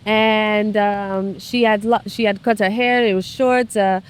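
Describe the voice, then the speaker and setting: A woman in casual conversation who tells a story in a halting way, with many fillers and restarts. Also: medium pitch, level tone, clear, resonant tone.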